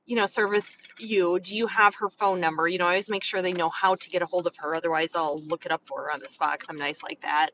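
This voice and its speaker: A woman vlogging casual, frank business advice as a beauty consultant, talking chattily and acting out customers in quick asides. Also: fairly low pitch, steady tone, a bit bright, distant mic, lo-fi sound. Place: in a car on the way to set up.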